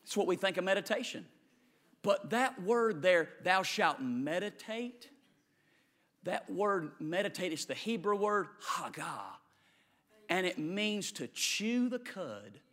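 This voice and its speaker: A male preacher giving a sermon, swinging between loud shouted lines and quiet low asides. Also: sing-song, unhurried. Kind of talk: energetic sermon.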